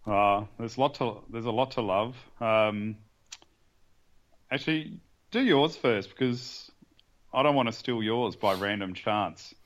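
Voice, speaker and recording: Excitable co-host. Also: male voice, on the low side, measured pace, muffled recording. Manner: excitable and rambling, with many restarts. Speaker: podcast co-host. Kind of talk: casual sports podcast chat.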